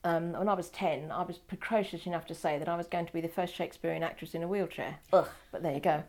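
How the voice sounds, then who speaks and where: An older woman with a low, gravelly voice tells her own story in an interview. She talks in a wry, digressive way, breaking off and correcting herself as she goes. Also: fairly even intonation, quick pace, a little mellow. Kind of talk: oral history interview.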